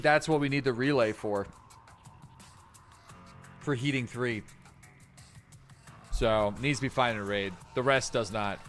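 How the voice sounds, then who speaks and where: A man's voice: mid-range voice, a bit bright. Rambling man streaming a game. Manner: rambling, thinking aloud with many fillers. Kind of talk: casual live-stream gameplay chat.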